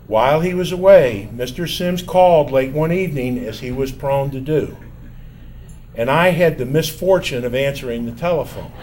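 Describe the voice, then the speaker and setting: An older man telling a personal story from his college years in a measured, wry, self-mocking way. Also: medium pitch, a little mellow, a little hiss or hum.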